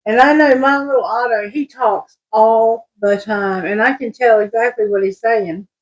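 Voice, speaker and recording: A woman with a slightly high voice and fairly even intonation, captured on a low-quality recording. She's a tarot reader who reads scripture aloud and muses on it loosely, often restarting sentences. Her delivery is slow, rambling and self-correcting, a casual spiritual reading.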